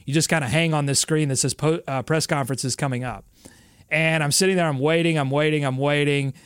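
A man with a fairly high voice, chatting on a sports podcast, animated and quick to laugh. He sounds close and dry, with no room in the sound. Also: clear, resonant tone, no echo. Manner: animated, laughs often, builds stories. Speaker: podcast co-host. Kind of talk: casual sports podcast chat.

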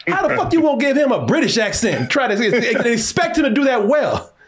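A man co-hosting a casual chat, animated, laughing often and swearing freely. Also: very high voice, brisk. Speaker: podcast co-host.

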